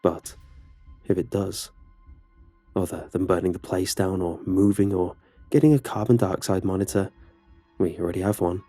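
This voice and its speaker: Male horror storyteller, low pitch, husky, casual delivery. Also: moderate pace, long pauses, mellow, no echo, soft background music.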